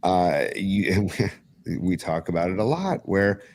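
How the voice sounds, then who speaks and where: A man hosting a casual sports chat on a live stream, opinionated and excitable, with lots of fillers and restarts. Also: low-pitched, slow. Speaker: podcast host.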